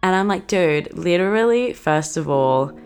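A young woman in her twenties, hosting a podcast and telling a story in a brash, sweary, animated way. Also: on the low side, unhurried, clean tone. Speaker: podcast host. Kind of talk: casual storytelling monologue.

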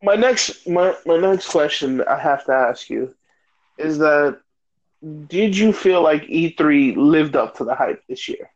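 An American man hosts a loose, joking chat about video games. His voice sits a bit high for a man and carries an upbeat, teasing energy despite the late hour. The audio is dull and lo-fi. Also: animated, a little slow. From United States. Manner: joking, hyped, tired late-night banter. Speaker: podcast host. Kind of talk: casual gaming chat.

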